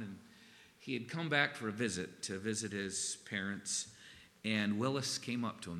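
A man preaching a sermon in an earnest, halting way, with pauses and restarts. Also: lowish voice, big-room sound. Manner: earnest, halting, gets emotional and softens. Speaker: pastor.

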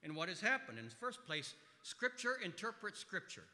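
Male pastor delivering a sermon; emphatic, punches key words and then drops to quiet asides. Bright, tense tone, a bit higher than average, in a hall with long reverb. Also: very animated, normal speed. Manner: emphatic, swings between loud stresses and quiet asides.

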